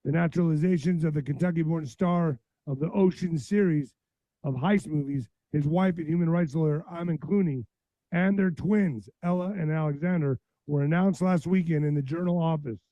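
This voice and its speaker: Guy hosting a political livestream, voice going hoarse, blunt and cussing, kinda highish voice, dull muffled sound. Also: normal speed, no echo. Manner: blunt, heated, reads news aloud then rants. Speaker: podcast host. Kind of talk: profane political livestream commentary.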